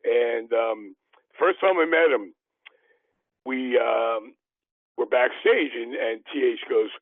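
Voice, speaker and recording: An older man telling rambling stories as a podcast host, halting with many fillers and restarts, heard over a tinny, dry, phone-like line. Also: medium pitch, creaky, no room sound. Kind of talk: anecdotal interview storytelling.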